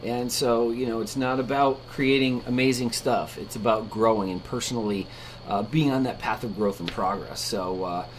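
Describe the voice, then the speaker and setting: A man's voice: mid-range voice, fairly even intonation, normal speed, slight background noise. A man hosting a casual devotional vlog from his art studio, talking conversationally and piling up repeated phrases. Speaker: ministry vlogger and Bible teacher.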